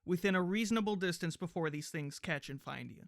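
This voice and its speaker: A man's voice: high-pitched, fairly quick, gravelly, dry recording, studio quality. A man co-hosting a comedy podcast over a video call, full of silly wordplay and mock-grand phrasing. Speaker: podcast co-host. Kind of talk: casual comedic chat.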